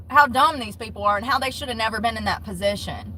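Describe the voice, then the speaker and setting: Blunt, bright-voiced woman vlogger. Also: a little high, fast talker, few pauses, low-quality recording. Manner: blunt, profane, mocking. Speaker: commentary vlogger. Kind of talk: casual commentary.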